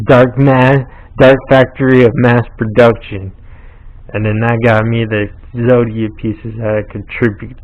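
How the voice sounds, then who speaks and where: A man's voice: on the low side, gravelly, lo-fi sound. A man giving a casual play-by-play of a card game, explaining the rules as he goes and laughing easily.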